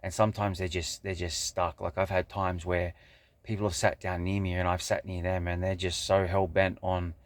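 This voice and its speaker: A man's voice: low voice, flat delivery, moderate pace. A man talking to camera in a loose, rambling monologue, swearing freely and restarting his sentences with lots of fillers. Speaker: vlogger. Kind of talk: casual monologue.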